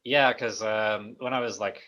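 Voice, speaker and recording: A man's voice: on the low side, steady tone, measured pace, sharp tone, poor audio. An Irish man hosting a casual chat, making dry joking asides. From Ireland. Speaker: host.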